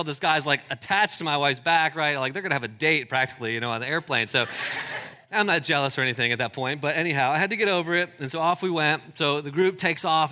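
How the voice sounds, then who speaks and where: A man preaching a sermon to a live congregation, telling a personal story in an animated, self-deprecating way with frequent restarts and asides to the audience. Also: a little high. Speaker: pastor. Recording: long hall reverb.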